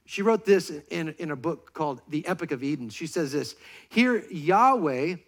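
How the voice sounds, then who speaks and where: Lively pastor, slightly high voice. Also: male voice, fairly quick. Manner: lively, joking, directs volunteers on stage. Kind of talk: sermon with on-stage demonstration. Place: church stage before a congregation.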